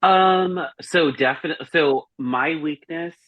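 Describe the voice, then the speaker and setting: A man's voice: on the high side, slow, no echo. A man chatting casually as a guest reviewer, telling rambling, profane stories. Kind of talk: casual chat. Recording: dry, dull lo-fi sound.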